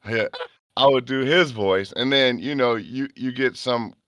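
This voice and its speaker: Animated storytelling man from Chicago, dry sound. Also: mid-range voice, unhurried, no room sound. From Chicago, United States. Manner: animated storyteller, slips into character voices. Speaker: guest voice actor. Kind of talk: casual interview storytelling.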